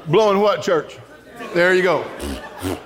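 A man preaching a storytelling sermon to a large audience, animated and comic, rising to shouts at the high points. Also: measured pace. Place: large church auditorium before an audience.

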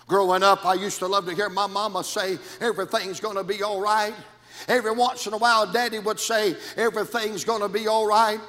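A man preaching a sermon in a rhythmic style that swings from shouts down to near whispers. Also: sits high, little pitch movement, brisk, big-room sound.

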